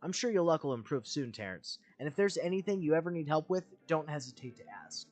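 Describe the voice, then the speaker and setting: A man's voice: fairly high pitch, lively intonation, quick pace, darkish tone, faint music behind, natural voice. A man voicing a friendly young male game hero in his own everyday voice, answering in plain, friendly replies.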